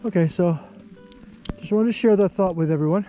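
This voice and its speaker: A man narrating a hike to the camera on an outdoor canyon trail, easygoing and chatty, thinking aloud with pauses. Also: high voice, dark tone, soft background music. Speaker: travel vlogger.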